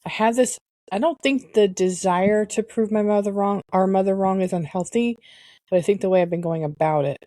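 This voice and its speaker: A woman co-hosting a podcast, talking candidly and reflectively, pausing often to search for words. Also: medium pitch, dark tone, no echo. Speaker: podcast co-host. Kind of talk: candid personal conversation.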